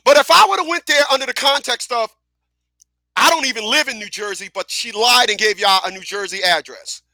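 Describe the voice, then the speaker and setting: High, bright-voiced man, blunt and emphatic. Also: brisk, no room sound. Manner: blunt, emphatic, profane, repetitive. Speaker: radio host. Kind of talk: casual talk radio monologue.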